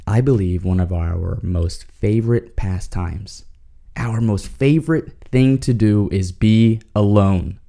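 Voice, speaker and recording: A man's voice: on the low side, creaky, dark tone. A man hosting a podcast, talking in a slangy, joking way and chuckling as he goes. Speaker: podcast host. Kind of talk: casual comedic monologue.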